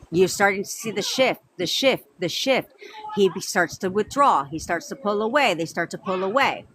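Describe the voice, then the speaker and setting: A woman's voice: mid-range voice, a bit bright, a little hiss or hum. A woman coaching her viewers on a live stream, blunt and profane, repeating herself for emphasis. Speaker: manifestation coach. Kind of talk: TikTok live talk.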